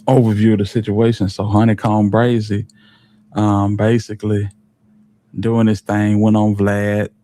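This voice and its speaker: A man's voice: lowish voice, mellow, slight background noise. A man from Alabama, talking casually and wryly as a commentary host. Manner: wry, disbelieving, conversational.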